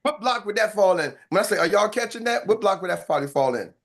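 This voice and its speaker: Animated high-voiced male sales coach. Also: quick pace. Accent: American. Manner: animated, playful, acts out lines and sound effects. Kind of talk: live sales training on a video call.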